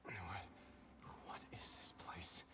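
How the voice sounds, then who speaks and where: A man's voice: slow, whispered, lightly acted. A man voicing a frightened game character who wakes up trapped, muttering anxiously to himself. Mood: bewildered.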